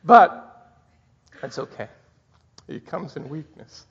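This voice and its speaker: A middle-aged male pastor delivers a heartfelt Christmas sermon in a husky, slightly raspy voice. His pitch swings widely as he speaks, halting and tender at moments. The recording sounds dull and muffled. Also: expressive. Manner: heartfelt, halting, tearful at times.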